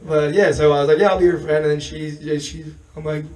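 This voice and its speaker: A hoarse man losing his voice, telling a rambling, profane stand-up story on a comedy stage and chuckling as he goes. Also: a little high, fairly even intonation, fast, a little mellow, distant mic, poor audio.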